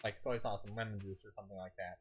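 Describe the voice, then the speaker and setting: A man's voice: lowish voice, little pitch movement, fast, husky. A tired man streaming a game, rambling as he plays, often stumbling and restarting his sentences. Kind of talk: casual gameplay commentary.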